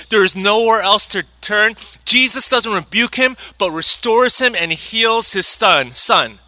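Bright, high-voiced pastor preaching. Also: male voice, no echo. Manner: conversational, animated, acts out anecdotes. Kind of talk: sermon.

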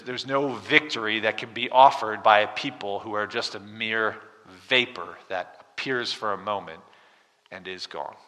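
A male preacher delivering an expository sermon in a church hall. His voice is bright and forceful, and it carries a long, reverberant tail. He moves from loud emphasis to quiet intensity and keeps asking the listeners questions. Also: mid-range voice. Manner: dramatic, swings from loud emphasis to hushed.

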